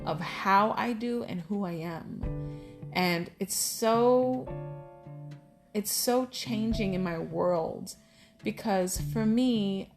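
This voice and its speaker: A middle-aged woman vlogging about her life in a candid, heartfelt, rambling way. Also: medium pitch. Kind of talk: casual personal talk to camera.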